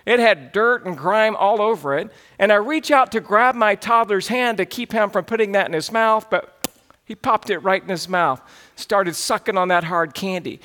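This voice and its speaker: A man in his thirties, a pastor telling stories in an animated sermon. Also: high voice, normal speed. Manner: animated, quotes others in put-on voices. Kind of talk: sermon storytelling.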